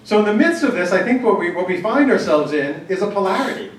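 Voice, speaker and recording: A man's voice: sits high, lively intonation, quick pace. A man giving a conversational talk to a live group, telling anecdotes and leading an exercise, with frequent fillers and restarts. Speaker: workshop speaker on church planning. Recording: echoey hall, distant mic, faint ambience.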